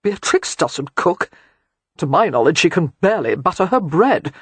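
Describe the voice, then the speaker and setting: A man's voice: on the high side, big pitch swings, moderate pace, husky, dry recording. The audiobook narrator voicing a sardonic, exasperated aristocratic man. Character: sardonic aristocratic man, dry-witted lord.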